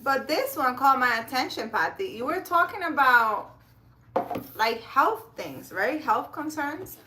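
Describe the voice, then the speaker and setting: A woman's voice: high-pitched, very animated, measured pace, noisy background. A woman running a casual live stream, reading cards and chatting with viewers by name, laughing often. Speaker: live-stream card reader.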